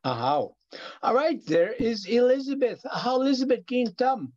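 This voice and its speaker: A man's voice: very high voice, big pitch swings, normal speed, a little mellow. A man teaching a language class over a video call, encouraging his students and laughing easily. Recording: muffled video call audio.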